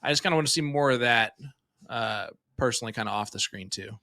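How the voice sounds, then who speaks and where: A young man doing casual, excitable live darts commentary from a small streaming room, chatty with lots of fillers. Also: mid-range voice, fast talker, no echo, studio quality.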